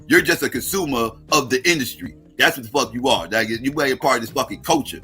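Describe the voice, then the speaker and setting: A man's voice: mid-range voice, quick pace, loud music behind the voice. A middle-aged American man hosting a livestream, ranting in a heated, profane, combative way. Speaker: livestream host.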